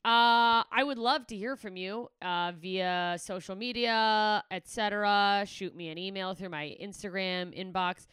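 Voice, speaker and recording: A woman's voice: mid-range voice, a little slow, few pauses, a bit bright, clear, resonant tone, dry recording, clean studio sound. A woman comedian signing off her podcast in a candid, rambling way, swearing freely as she chats. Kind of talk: casual podcast sign-off chat.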